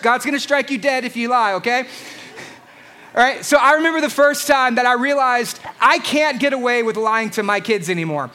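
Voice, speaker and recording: A man preaching a lively sermon into a handheld microphone in church, joking with the congregation. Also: very high-pitched. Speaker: pastor. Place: church hall.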